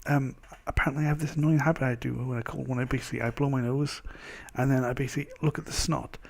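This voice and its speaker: A man's voice: medium pitch, steady tone, very fast, vocal fry. A man with a Welsh accent and a stuffy nose from a cold, chatting loosely and rambling in a casual vlog. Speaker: vlogger. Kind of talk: casual chat.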